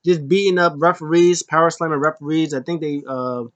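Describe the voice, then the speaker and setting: A man's voice: on the high side, a little fast, dry recording, highs cut off. A man recapping a wrestling show in a casual, rambling way, full of ums and uhs. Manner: rambling, filler-heavy, animated.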